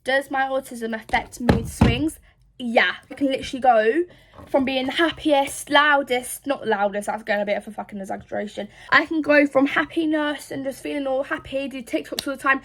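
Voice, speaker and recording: High-voiced young woman. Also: fairly even intonation, moderate pace, fairly bright tone. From England. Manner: rambling, frank, swears a lot. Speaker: social media creator. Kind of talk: casual confessional chat.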